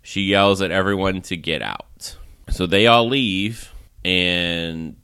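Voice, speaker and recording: Low-voiced man rambling through a recap. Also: slow pace, clean tone, no room sound. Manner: rambling, animated plot recap with frequent "like" and laughs. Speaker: podcast host. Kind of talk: casual movie review.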